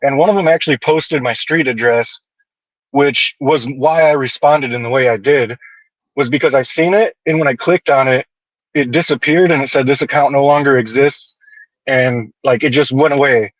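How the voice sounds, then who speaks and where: A man's voice: medium pitch, moderate pace, no echo. A man guesting on a casual podcast tells his stories bluntly and swears a lot, with a mid-range voice. His audio sounds dull and a little lo-fi. It is also dry, with no room sound. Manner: blunt, profane, animated storytelling.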